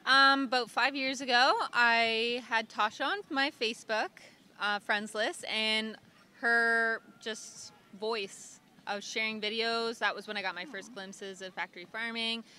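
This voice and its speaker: A friendly woman speaking a little tentatively in an outdoor interview, with a bright, somewhat high voice. Faint park noise sits behind her. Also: steady tone, a little slow. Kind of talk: casual interview.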